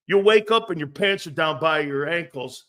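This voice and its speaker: A man's voice: fairly high pitch, normal speed, a bit bright. A man hosting a casual sports talk show, joking, rambling and laughing often between his points.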